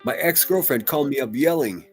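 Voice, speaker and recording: A man's voice: fairly high pitch, lively intonation, fairly quick, breathy edge, soft background music. A man hosting a casual livestream, reading chat comments aloud and rambling in a loose, profane way. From United States. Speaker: livestream host.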